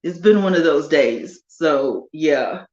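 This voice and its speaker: A woman hosting a casual live chat with viewers from her home sunroom, animated and chatty with drawn-out emphasis. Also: deep voice, echoey room, highs cut off. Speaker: livestream host.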